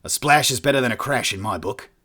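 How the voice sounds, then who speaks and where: A man voicing a stressed human ship captain who swears a lot and talks in a gruff, exasperated way. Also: mid-range voice, fast, pushed and bright. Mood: commanding.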